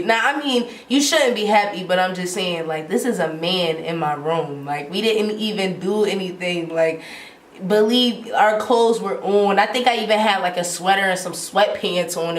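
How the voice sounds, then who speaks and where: A woman in her twenties telling a casual storytime, animated and slangy, with lots of filler "like". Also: lowish voice, moderate pace. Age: 20s. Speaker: vlogger. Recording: roomy sound from off the mic.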